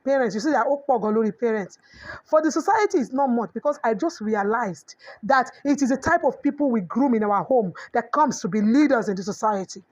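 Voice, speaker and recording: A woman's voice: fairly high pitch, animated, fairly quick, a little mellow. A middle-aged woman with a Nigerian accent giving a preachy parenting talk, mixing in Yoruba proverbs. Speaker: parenting coach. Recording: dull lo-fi audio.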